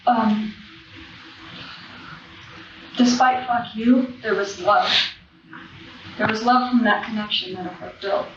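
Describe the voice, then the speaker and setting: A woman's voice: fairly high pitch, fairly bright tone, slight background noise. A woman giving a raw, profane personal recovery testimony from a podium at a convention, with emotional swells in her voice. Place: large convention hall. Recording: echoey, distant, dull hall recording.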